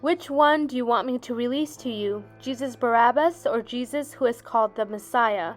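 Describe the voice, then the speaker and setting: A woman's voice: a little high, moderate pace, soft background music, lightly acted. A woman reading as an uneasy Roman governor. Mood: questioning. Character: uneasy male Roman governor questioning a crowd.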